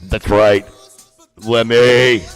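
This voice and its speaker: A man's voice: medium pitch, level tone, drawn-out words, smooth, faint music behind. A man hosting a wrestling podcast, hyped up, playful and sarcastic as he chats to his listeners. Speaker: podcast host. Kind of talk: casual wrestling podcast chat.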